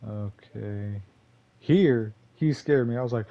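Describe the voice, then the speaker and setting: A man's voice: lowish voice, moderate pace, warm tone, lo-fi sound. A young man from Texas commentating on his own gameplay in a rambling, loose way, full of fillers and curses. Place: home gaming room.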